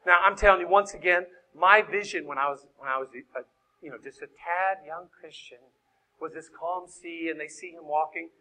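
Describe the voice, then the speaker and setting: A man delivers a lively sermon to a congregation, his voice sitting high and sounding bright and forward. He acts out the story as he goes, breaking into shouted voices for the people in it. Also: moderate pace, poor audio. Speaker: guest preacher. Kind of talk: animated sermon.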